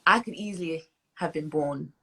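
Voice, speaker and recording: A woman's voice: low-pitched, moderate pace, a bit bright, breathy edge, rough recording. A woman in her twenties with a British accent, talking reflectively as a guest in an interview, with many fillers and restarts. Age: 20s. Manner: reflective, many fillers and restarts, laughs as she tells stories. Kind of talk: interview conversation.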